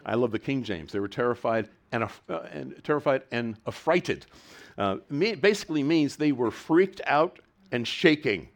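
A man's voice: medium pitch, normal speed, vocal fry. Guy preaching a sermon, voice swoops up and down a lot, gets emphatic, restarts his sentences. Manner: animated preaching with emphatic swells and frequent self-restarts. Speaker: pastor.

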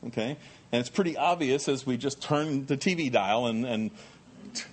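A middle-aged male pastor preaching a sermon in a lively, conversational way with jokey asides. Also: medium pitch, moderate pace.

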